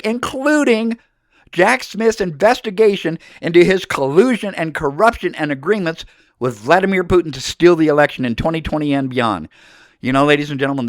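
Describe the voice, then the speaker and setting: A man's voice: on the high side, dry recording, studio quality. A middle-aged man from the United States delivering an angry, emphatic political monologue that speaks directly to the listener. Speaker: political commentator.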